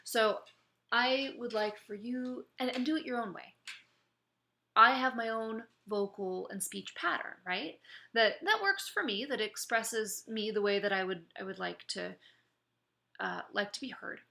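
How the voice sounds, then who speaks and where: A woman's voice: on the high side, measured pace, gravelly, pushed and bright. A woman instructor giving spoken feedback on a student's presentation, encouraging, with many fillers and restarts.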